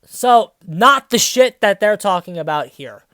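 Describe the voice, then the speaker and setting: A woman's voice: medium pitch, animated, a little slow, a bit bright, no room sound. Young woman reviewer, sarcastic and swearing, close dry mic. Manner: profane, mocking, exasperated asides. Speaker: graduate student reviewer. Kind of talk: sarcastic dramatic reading and commentary.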